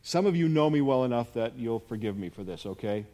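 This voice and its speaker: A middle-aged man preaching a sermon, earnest, moving between hushed and emphatic delivery. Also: medium pitch, lively intonation, a little fast. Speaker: pastor.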